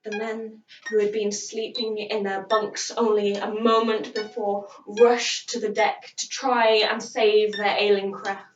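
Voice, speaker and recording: A woman telling a story in a dramatic way, with long pauses. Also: medium pitch, flat delivery. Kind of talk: storytelling narration over guitar music. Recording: roomy, distant and dull, with loud guitar music.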